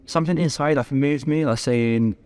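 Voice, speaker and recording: A man's voice: mid-range voice, normal speed, clean tone. A young man with a London accent, a guest English teacher talking enthusiastically in a casual interview, with lots of fillers. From Algeria. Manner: warm, enthusiastic, many fillers.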